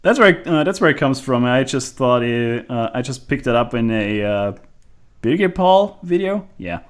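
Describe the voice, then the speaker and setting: A man's voice: mid-range voice, animated, moderate pace. A man in casual stream chat who laughs often and swears casually.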